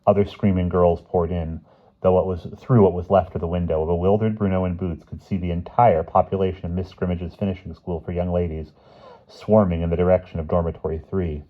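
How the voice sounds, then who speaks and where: A man reading a children's storybook aloud in a lively, expressive way. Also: low voice, brisk, narrow, tinny audio. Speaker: audiobook reader. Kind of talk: storybook narration.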